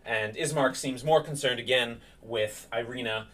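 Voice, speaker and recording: A man narrating a tabletop game as game master, pausing often with fillers as he describes the scene. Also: medium pitch, a bit bright, recorded from a distance. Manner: hesitant, many fillers. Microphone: streaming setup.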